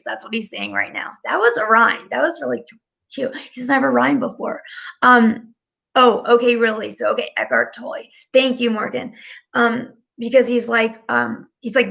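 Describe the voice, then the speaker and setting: Her voice is a little high, gravelly yet fairly bright, steady in tone and at normal speed. This woman rambles chattily on a live stream as a spiritual channeler, using "like" heavily.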